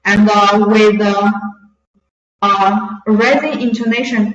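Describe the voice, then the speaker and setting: Here a Chinese teacher, a native Mandarin speaker with a fairly high, animated voice, explains a lesson slowly and patiently, switching between English and Mandarin. The sound is lo-fi: dull, distant, and echoey, as if taped across a room.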